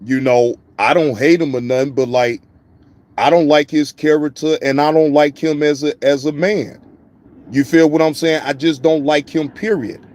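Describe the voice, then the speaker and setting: A man's voice: on the high side, moderate pace, darkish tone. A man hosting a casual live-stream reaction show, speaking, profane and repetitive, addressing viewers in the chat by name.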